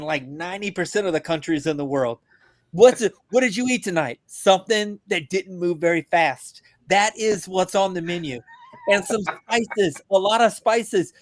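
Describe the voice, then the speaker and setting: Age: adult. Sex: man. Style: blunt joking podcast rant. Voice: fairly high, dry close sound. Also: no echo. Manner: blunt, joking, gets louder and higher as he rants. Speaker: veteran guest.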